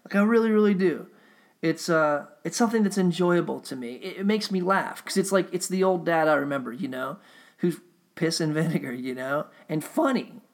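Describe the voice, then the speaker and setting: A man's voice: on the high side, moderate pace. A man talking in a rambling, casual monologue, swearing freely and often restarting his sentences. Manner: rambling and profane, with frequent restarts.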